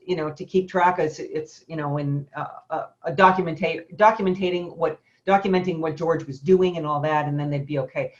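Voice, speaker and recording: With a lowish voice and dull audio, a female studio owner and photographer shares a long, rambling anecdote on a webinar, laughing often and using many fillers.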